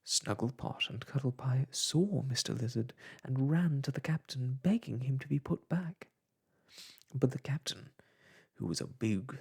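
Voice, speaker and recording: Whispered role-play reader for a bedtime tale: slow, breathy, a touch gravelly. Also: medium pitch, expressive. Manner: soft, slow whispered reading of an old children's book. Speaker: storyteller.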